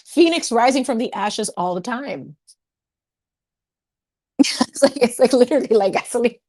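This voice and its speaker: A woman's voice: fairly high pitch, expressive, measured pace, pauses often, a little mellow. Sassy playful woman streamer. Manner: playful and sassy, laughs often, drops Spanish words. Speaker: livestream host. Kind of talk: casual livestream chat.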